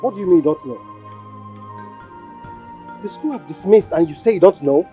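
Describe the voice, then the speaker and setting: A man's voice: high voice, animated, normal speed, dark tone, slightly rough, faint music behind, exaggerated voice. A man with a Nigerian accent playing a stern husband who scolds his wife to protect his niece. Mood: scolding. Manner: scolding and warning. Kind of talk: Nollywood film acting. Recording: dull, slightly lo-fi film sound.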